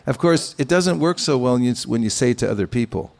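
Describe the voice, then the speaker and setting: A man giving a devotional sermon, speaking in a measured, pausing way with gentle humor. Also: mid-range voice, lively intonation, gravelly, slight background noise. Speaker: spiritual teacher. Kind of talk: sermon with anecdotes.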